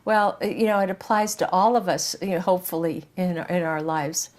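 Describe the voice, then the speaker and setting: A woman hosting an interview, asking questions and warmly affirming her guest's stories. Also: lowish voice. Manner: warm, encouraging, quick affirmations. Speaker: interview host. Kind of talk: conversational interview.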